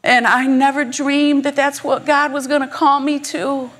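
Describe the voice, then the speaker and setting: A woman's voice: high-pitched, level tone, measured pace, fairly bright tone. Heartfelt woman giving a faith talk. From Michigan, USA. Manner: heartfelt, encouraging, conversational. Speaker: conference speaker.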